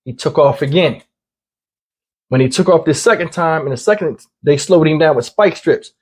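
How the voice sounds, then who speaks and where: Man, high voice, husky, blunt casual commentary, repeats himself. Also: normal speed. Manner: conversational, blunt, repeats points.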